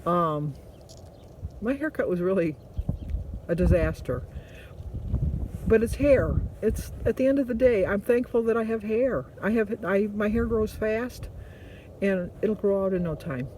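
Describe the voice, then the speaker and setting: A woman's voice: medium pitch, lively intonation, a little slow, pauses often, noisy background. A woman hosting a vlog, chatting casually and motivationally, rambling through stories and correcting herself. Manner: rambling storytelling with self-corrections. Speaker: vlog host.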